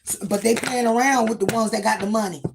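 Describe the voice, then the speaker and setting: A woman's voice: on the high side, steady tone, fast talker, vocal fry, background noise. Sassy, emphatic woman tarot reader. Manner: sassy, emphatic, repeats herself. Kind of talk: casual tarot reading.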